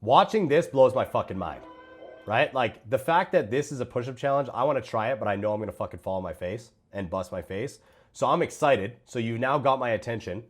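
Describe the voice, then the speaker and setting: A man's voice: mid-range voice, expressive, brisk. A man giving blunt, profane reaction commentary on other creators' fitness videos. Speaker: host reviewing fitness coaches' videos.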